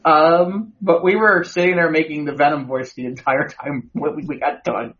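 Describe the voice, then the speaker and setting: A man's voice: on the high side, steady tone, moderate pace, fairly bright tone. A man co-hosting a podcast, chatting casually in a rambling way full of restarts. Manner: rambling, with many restarts and repeated words. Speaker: podcast co-host. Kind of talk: casual chat, movie review. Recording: muffled lo-fi audio.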